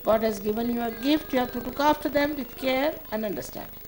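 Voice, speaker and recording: A woman's voice: fairly high pitch, brisk, a little mellow, slight background noise, poor audio. An older woman, a spiritual teacher, giving a spoken talk to a gathering in a motherly, scolding way, often repeating short commands.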